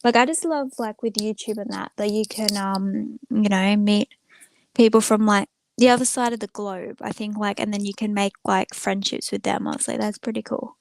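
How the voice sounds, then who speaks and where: A woman hangs out on a casual live stream from a room at home, talking loosely to her viewers. She rambles from thought to thought with plenty of fillers. Her voice sits at an everyday middle pitch and sounds dry, with no room echo. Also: fairly even intonation, normal speed, creaky. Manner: rambling, many filler words, chatting to viewers. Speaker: small channel live streamer. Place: room at home with the door closed.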